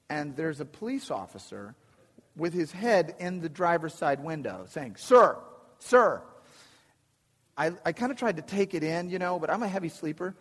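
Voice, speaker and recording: A man telling a funny personal story to a live audience, animated and self-deprecating, with lots of restarts. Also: on the high side, in a large hall.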